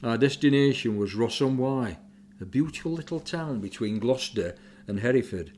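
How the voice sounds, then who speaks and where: A man's voice: mid-range voice, animated, moderate pace, slight background noise. An older man, plainly recounting his war memories in a reflective way. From England, Sheffield. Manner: plain-spoken, reflective, softening with grief. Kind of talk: personal memoir recollection.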